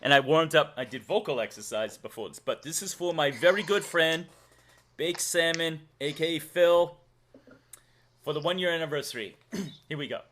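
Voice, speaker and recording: A man's voice: fairly high pitch, normal speed, fairly bright tone. A man from Massachusetts with a Massachusetts accent, hosting a casual live stream, jokey and playful as he reads out donations. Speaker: streamer host.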